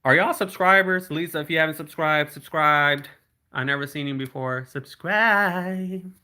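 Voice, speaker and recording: A man's voice: fairly high pitch, flat delivery, pushed and bright, smooth. A man hosting a casual livestream, reading out viewer comments and answering them in a chatty way. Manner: slows down to spell out links. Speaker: livestream host.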